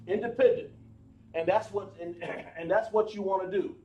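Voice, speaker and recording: A man teaching a live class, explaining slowly, with many fillers and restarts. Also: high-pitched, steady tone, mellow, reverberant, muffled recording, a little hiss or hum. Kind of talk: live online class lesson.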